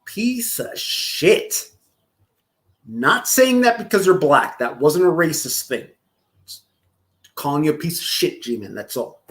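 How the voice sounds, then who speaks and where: A man's voice: a little high, big pitch swings, moderate pace, a bit bright. A man streaming casual reaction commentary, profane and mocking, often breaking into laughter.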